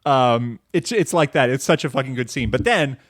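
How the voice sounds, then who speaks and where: A man's voice: mid-range voice, lively intonation, moderate pace, no echo, clean studio sound. A man hosting a casual film podcast, talking in a rambling, profane way with lots of fillers and restarts. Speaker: podcast host.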